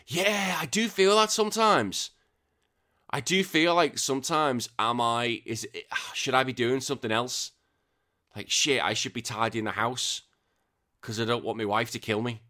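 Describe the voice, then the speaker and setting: Young male gaming podcast host, bright tone, excitable, swears a lot. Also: mid-range voice, moderate pace. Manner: excitable, swears freely, trails off quietly. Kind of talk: casual gaming news chat.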